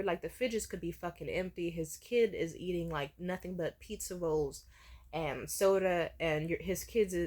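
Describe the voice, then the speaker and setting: A young woman telling a personal story candidly in a vlog, swearing freely. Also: lowish voice. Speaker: vlogger.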